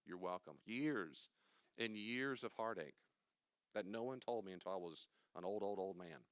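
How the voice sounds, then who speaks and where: Older man teaching, low and emphatic. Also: moderate pace, fairly bright tone, clean tone, no echo, studio quality. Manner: emphatic, acts out anxious inner voices; conversational, rambling asides. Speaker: pastor. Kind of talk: teaching a church study class.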